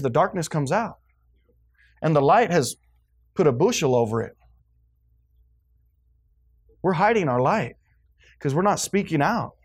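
A fiery male preacher with a notably high-pitched voice. He delivers a sermon to his congregation, pressing hard on some lines and dropping low and quiet on others. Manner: fiery preaching, swings between loud and hushed. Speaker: pastor.

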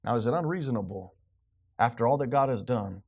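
A man's voice: medium pitch, expressive, a little fast, vocal fry, a little mellow, slightly rough. A man preaching a sermon, building up with rhetorical questions and acted-out quotes. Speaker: pastor.

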